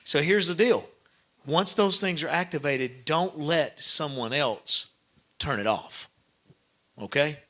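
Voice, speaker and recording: A man's voice: a little high, slow pace, sharp tone. A man speaking at a live event, giving blunt, preachy advice and checking that his listeners follow.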